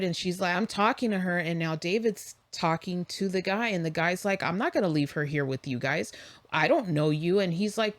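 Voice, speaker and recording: A woman's voice: fairly low pitch, moderate pace, no echo. A woman hosting a podcast, telling a long story in a chatty, casual way, full of likes and you-knows. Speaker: podcast host.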